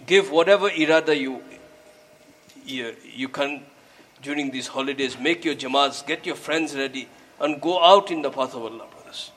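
Medium in pitch and moderate in pace, this man's sermon carries a faint hiss or hum. Earnestly urging his listeners through a story, he borrows Urdu and Arabic religious words in his English, his voice swelling when he exhorts.

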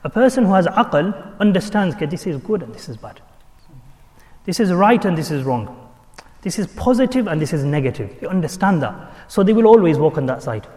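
A man's voice: high-pitched, very animated, brisk, darkish tone. A man giving an earnest sermon, repeating his points and mixing in Arabic and Urdu terms. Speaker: Islamic preacher. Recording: long hall reverb.

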